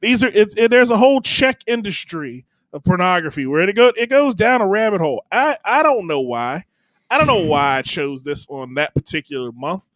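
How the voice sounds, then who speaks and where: A man's voice: sits high, expressive, normal speed, fairly bright tone, no room sound. A man co-hosting a comedy podcast in brash, rambling casual chat. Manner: brash and rambling, with a Southern 'y'all'. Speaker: podcast co-host.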